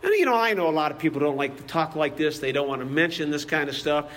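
A man's voice: fairly high pitch, expressive, quick pace, fairly bright tone. A man preaching a sermon in a church, impassioned and repetitive, building to raised, emphatic lines.

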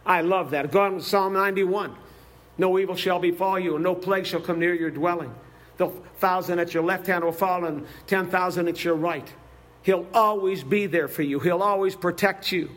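High-voiced male preacher telling stories. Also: steady tone, normal speed, fairly bright tone. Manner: storytelling, heartfelt, reciting scripture. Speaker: visiting preacher. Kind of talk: sermon.

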